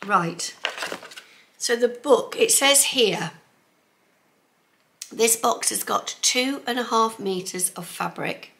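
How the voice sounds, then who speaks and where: A middle-aged woman chatting excitedly to her viewers as she unboxes a parcel in her sewing room. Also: medium pitch. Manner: gushing, excitable, talks to viewers as folks. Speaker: sewing vlogger.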